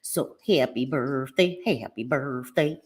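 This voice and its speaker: A woman hosting a casual livestream, lively and affectionate, greeting viewers by name with pet names like sweetie pie. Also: extremely low pitch, a little slow. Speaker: livestream host. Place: home in New Jersey.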